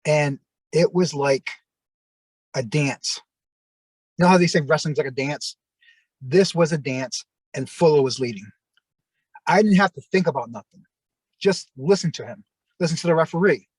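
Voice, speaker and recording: A former wrestler as an interview guest, telling long rambling anecdotes with lots of fillers and acted-out quotes. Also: male voice, fairly high pitch, moderate pace, long pauses, husky, dry recording, rough recording. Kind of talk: casual storytelling.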